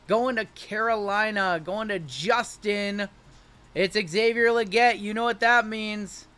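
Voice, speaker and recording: A high, bright-voiced man runs a livestream card break, calling out every pull as it comes. He keeps the patter jokey and upbeat between cards. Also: takes it slowly, clear, resonant tone. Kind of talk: livestream card-opening commentary.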